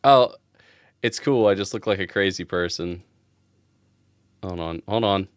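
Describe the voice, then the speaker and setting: A man's voice: deep voice, unhurried, clear, resonant tone, no room sound, clean studio sound. A man hosting as game master, flustered and self-deprecating, muttering to himself while fixing his stream setup. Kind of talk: casual stream setup chat.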